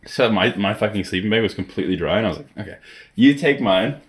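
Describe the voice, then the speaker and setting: A man's voice: lowish voice, rapid-fire, a bit bright. Young man, podcast co-host, casual storytelling, lots of swearing, laughs as he talks.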